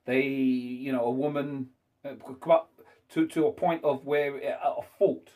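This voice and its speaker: A man hosting a casual debate, talking haltingly with frequent restarts and fillers. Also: medium pitch, flat delivery, mellow. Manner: hesitant, halting speech with many restarts.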